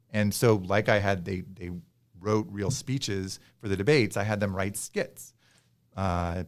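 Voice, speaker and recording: A male professor being interviewed, his voice a little low. He thinks aloud, stopping to restart phrases and fill gaps with "uh" and "you know." The tone is relaxed and conversational. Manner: hesitant, with many fillers and restarts. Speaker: professor, guest.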